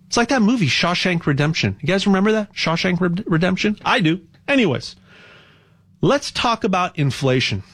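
A man hosting a casual talk, rambling with repeated words and growing animated as he goes. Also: high-pitched, normal speed. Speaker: host.

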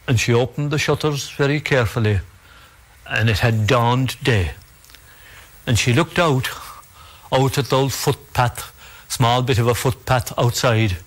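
A man with an Irish accent telling an oral folk tale in a measured, dramatic way, with repetitions and pauses. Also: medium pitch. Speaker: storyteller.

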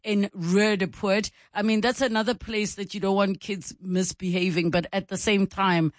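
A South African woman hosting a radio call-in show, chatting and reading listener messages aloud with quick asides. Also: medium pitch, fairly even intonation, no room sound, studio quality. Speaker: radio talk show host. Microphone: studio mic.

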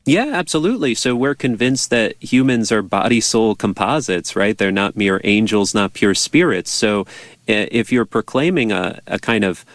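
A man, a priest and bioethics professor, answering interview questions in a measured, thoughtful way. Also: lowish voice, expressive, dry recording. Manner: measured, thoughtful, with some restarts. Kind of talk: explaining in a radio interview.

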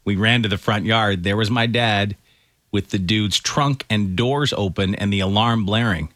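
A man's voice: fairly low pitch, normal speed, fairly bright tone, no echo, studio quality. A man co-hosting a casual radio show, reading listener texts aloud and laughing often.

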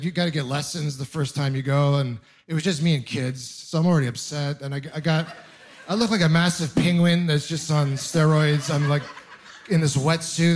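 A man in his thirties doing a stand-up set, telling self-deprecating stories and talking straight to the crowd. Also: fairly high pitch. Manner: self-deprecating storytelling, animated asides to the audience. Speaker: stand-up comedian. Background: audience laughter.

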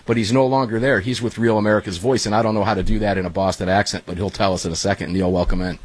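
A middle-aged man hosting a talk radio show from his studio, energetic and chummy, calling listeners guys and brother. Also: fairly low pitch, fast, few pauses, husky, dry recording. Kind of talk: casual talk radio banter.

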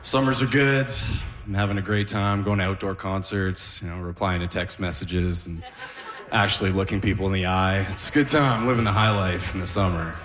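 A man's voice: low voice, brisk, a bit bright. A male stand-up comedian doing a set with dry, self-deprecating delivery, recorded live. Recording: live venue with long reverb.

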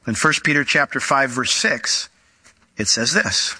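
A man's voice: medium pitch, measured pace, pushed and bright, breathy edge, no echo. A man preaching a sermon who explains the meaning of words, asks rhetorical questions and acts out the voices of the figures he quotes.

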